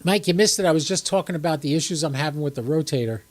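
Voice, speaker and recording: This older man's voice runs on the high side, a little mellow, and he talks fast. Stuffy with a cold, he rambles casually to his chat viewers while hosting a ham radio livestream from his home, seated on camera.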